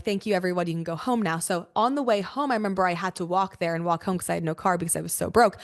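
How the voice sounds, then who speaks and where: Expressive young woman telling a story. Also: mid-range voice. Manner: expressive, swears freely, laughs often. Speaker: podcast host. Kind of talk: casual storytelling to listeners.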